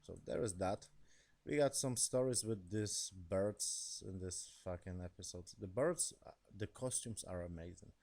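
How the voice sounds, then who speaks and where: A man's voice: deep voice, unhurried, darkish tone. A young man giving a casual, rambling episode review in non-native English, swearing often and laughing between remarks. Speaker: show reviewer.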